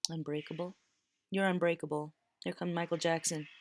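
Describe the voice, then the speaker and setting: On the verge of tears, a tarot reader delivers her reading with earnest feeling, echoing key phrases for emphasis. She speaks in a low, level voice at normal speed.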